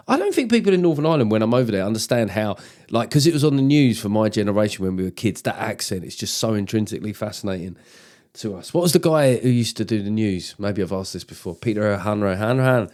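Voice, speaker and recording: A man's voice: medium pitch, darkish tone. A man hosting his own comedy podcast, talking in a loose, jokey, sweary monologue with lots of asides. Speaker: podcast host.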